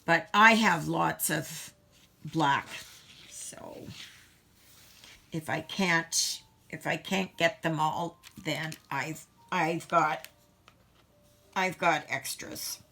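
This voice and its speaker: Middle-aged Canadian woman, crafting vlogger, rambling casual chat, unhurried delivery, lower-pitched voice. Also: vocal fry, pushed and bright. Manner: rambling, self-interrupting, chatty.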